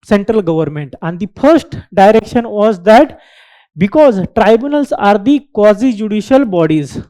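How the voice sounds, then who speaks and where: A woman's voice: mid-range voice, animated, normal speed, warm tone. A woman giving an exam-prep lecture, repeating key terms and checking in with "right?" as she explains. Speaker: exam coaching teacher. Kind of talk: current affairs lecture.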